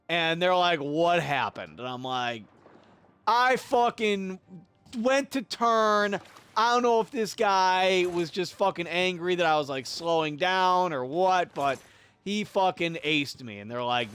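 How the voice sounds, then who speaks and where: A young male streamer tells a story while he plays, swearing freely and acting out everyone's lines. His voice sits high for a man and swings widely in pitch as he gets worked up. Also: smooth. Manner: profane, animated, acts out quotes. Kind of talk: casual storytelling while gaming.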